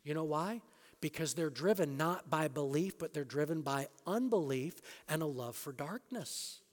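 A man preaching a sermon as a pastor, emphatic, rising to loud peaks and dropping low again. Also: animated, normal speed. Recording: long reverb of a large hall.

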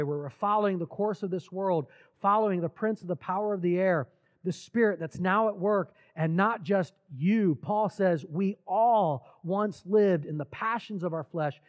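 A man preaching a sermon, retelling scripture stories earnestly with repeated words and dramatic pauses. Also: sits high. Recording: dull lo-fi recording.

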